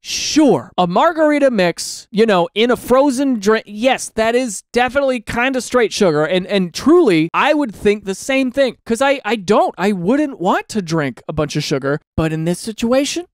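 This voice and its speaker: A man doing comic commentary on online posts, animated and mock-exasperated, slipping into silly voices. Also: high voice, normal speed, few pauses, dry recording, studio quality. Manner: drops into silly quoted voices. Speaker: comedy commentator.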